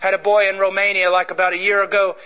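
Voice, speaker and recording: A man's voice: high voice, completely flat delivery, fast talker, pushed and bright, clear, resonant tone, highs cut off. A man preaching a sermon with fervent, emphatic delivery.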